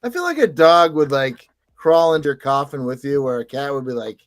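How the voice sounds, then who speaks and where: A man's voice: mid-range voice, lively intonation, fairly quick, no room sound. A man co-hosting a casual comedy podcast, jokey and playful. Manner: jokey, playful, prone to bursts of silly voices. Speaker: podcast co-host.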